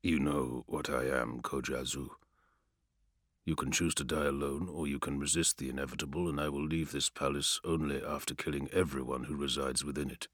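A man voicing a deep, emotionless armoured assassin. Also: dry recording, studio quality. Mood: cold. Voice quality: very deep, resonant, flat. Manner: cold, measured, without emotion. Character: towering inhuman male assassin in golden armour, cold and emotionless. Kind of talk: audiobook character voice.

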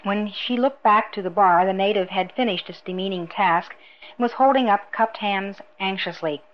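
A woman's voice: medium pitch, normal speed, slight background noise. Woman narrating an audiobook, muffled sound. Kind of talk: scripted narration.

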